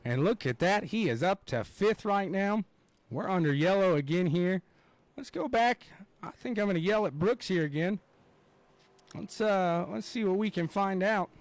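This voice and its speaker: A young man giving live play-by-play commentary on a race, excitable and rambling, with plenty of fillers and asides. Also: high-pitched, moderate pace, no echo.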